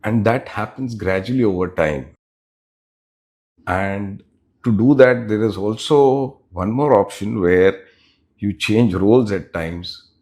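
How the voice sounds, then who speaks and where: A middle-aged man speaks in a fairly low voice. He answers interview questions as a business leader, explaining his points in a measured way and pausing between phrases. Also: a little mellow. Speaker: business unit head, interview guest.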